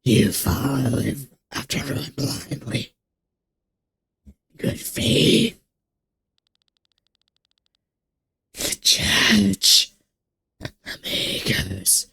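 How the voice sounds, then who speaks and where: A man putting on a gravelly, hissing voice to read the lines of an arrogant, preachy ancient male ruler in a video game. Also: a little high, a bit bright, voice pushed up, heavily acted. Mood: menacing. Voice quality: gravelly strained put-on voice. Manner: hissing half-whispered villain delivery. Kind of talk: reading game dialogue aloud in character.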